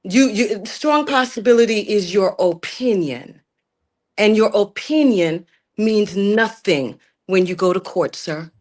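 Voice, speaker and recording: A middle-aged Jamaican woman calls in to a talk stream, her medium-pitched, slightly mellow voice moving slowly as she argues emphatically. She is indignant and keeps calling the host "sir."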